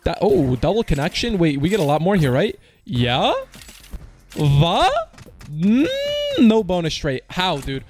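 A young man in his twenties giving excitable, casual commentary as he plays an online slot, groaning at losses and shouting at wins. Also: fairly high pitch, a little slow, music in the background. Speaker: slot streamer.

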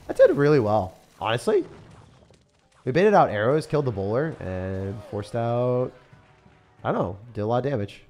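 A young man giving live commentary on his game as a streamer, swinging between loud outbursts and low muttering. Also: sing-song, measured pace, long pauses. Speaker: gaming streamer. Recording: faint music behind voice.

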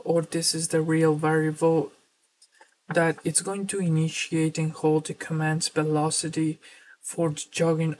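Low, slow, flat-voiced woman tutor. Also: a little hiss or hum. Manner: steady explanatory walkthrough with filler words. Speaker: software training presenter. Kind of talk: screen-recorded software tutorial.

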